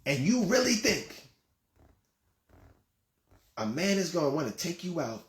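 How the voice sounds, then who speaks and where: A man's voice: a little high, sing-song, a little slow, reverberant. A man hosting his own show, giving relationship advice in a blunt, scolding and mocking way, often laughing at his own points. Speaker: host and life coach.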